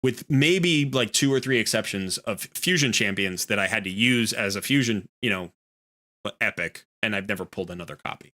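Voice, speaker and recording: A man's voice: lowish voice, moderate pace, sharp tone, no room sound. A man hosting a live game stream, chatting casually and rambling with lots of fillers. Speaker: streamer host.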